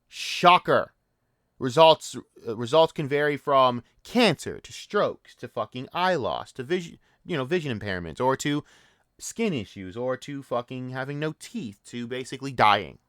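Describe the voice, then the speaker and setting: A man's voice: mid-range voice, animated, moderate pace, a bit bright, dry recording, clean studio sound. A man hosting a commentary channel, ranting in a profane, mocking and exasperated way.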